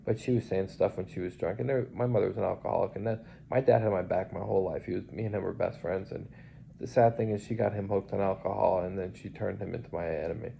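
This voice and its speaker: A man's voice: sits low, steady tone, fast talker, gravelly, dark tone. A man rambling through an agitated personal monologue, swearing now and then. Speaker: vlogger. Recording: lo-fi recording with faint hiss.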